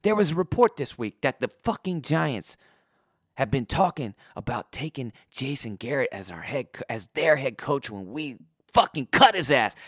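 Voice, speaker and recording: A man ranting about sports in crude, profane language, his voice going hoarse. He swings between loud outbursts and low muttering. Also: sing-song, normal speed, no room sound, clean studio sound. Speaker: sports podcaster. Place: indoors.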